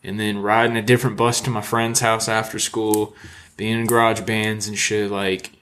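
A man with a fairly low voice chats on a casual podcast. His talk is loose and rambling, full of filler phrases, with swearing dropped in offhandedly. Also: little pitch movement, moderate pace, fairly bright tone, slight background noise. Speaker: podcast co-host.

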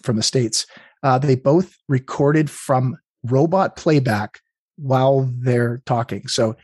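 Husky-voiced man explaining thoughtfully. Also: mid-range voice, slow pace, darkish tone, dry recording, studio quality. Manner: thoughtful, many restarts and fillers. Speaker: game developer. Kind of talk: interview, conversational.

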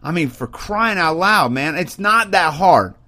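Brief: fired-up male podcast host, fairly high voice, blunt and mocking, home computer mic. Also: animated, unhurried, sharp tone. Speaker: podcast host, Army sergeant. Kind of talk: opinion podcast rant. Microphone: webcam and computer mic.

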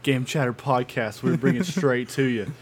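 Man doing a swaggering pirate announcer, rough and brash, faint background hum. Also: medium pitch, normal speed, close to an everyday voice. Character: gruff male pirate hyping esports.

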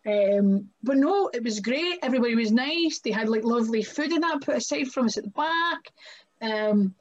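A woman's voice: fairly high pitch, animated, normal speed, muffled recording. A young woman, a guest wrestler telling stories on a podcast, chatty and full of "like" fillers. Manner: chatty, many "like" fillers, laughs often. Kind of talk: casual podcast storytelling.

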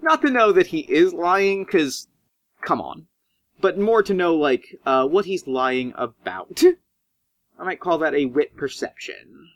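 A man's voice: a little high, lively intonation, measured pace, a bit bright, no room sound. A man narrating as game master in a tabletop role-playing game, casual and rambling with fillers.

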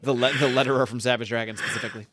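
A man co-hosting a podcast, chatting casually in a halting, rambling way. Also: mid-range voice, fairly even intonation, fairly bright tone, slight background noise. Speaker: podcast co-host. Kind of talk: casual chat.

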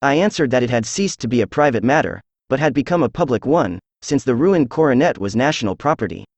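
A synthesized male voice narrating a classic audiobook in a steady, measured way. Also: medium pitch, dry recording.

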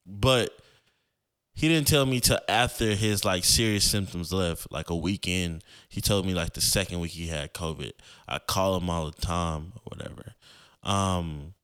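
A man's voice: low voice, a little slow, a bit bright, clear, resonant tone. A young man, a podcast host, telling a personal story in a loose, slangy way with many fillers and restarts.

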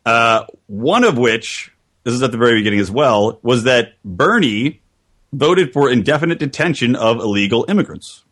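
Man, podcast host, casual roundtable chat, wry and animated delivery. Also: medium pitch, moderate pace.

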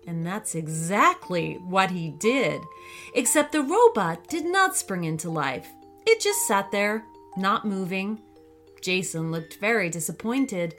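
A woman reading a children's storybook aloud in an expressive, unhurried way. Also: medium pitch, faint music behind.

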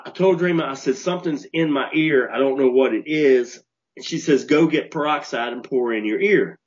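Brief: male co-host, fairly high voice, animated storyteller, dull lo-fi podcast sound. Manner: animated storyteller, repeats and restarts when worked up. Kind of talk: casual storytelling chat.

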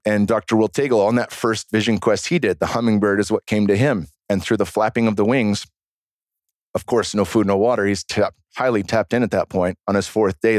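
A man guest on a podcast, telling stories in a casual, animated, profane way. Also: on the low side, dry recording, clean studio sound. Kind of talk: casual storytelling chat.

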